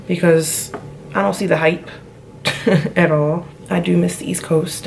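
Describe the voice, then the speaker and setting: Young woman w a low raspy fry voice, chatty vlog talk, says y'all a lot, faint hiss in the room. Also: darkish tone. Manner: chatty, talks to viewers as y'all, trails off mid-thought. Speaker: vlogger. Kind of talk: casual chat while doing makeup. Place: home room.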